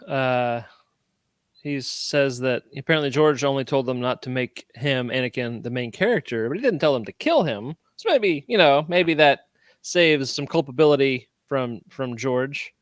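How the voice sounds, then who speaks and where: A man on a casual discussion panel, speaking hesitantly with many pauses and fillers. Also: medium pitch, animated, no room sound, clean studio sound. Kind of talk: casual roundtable chat.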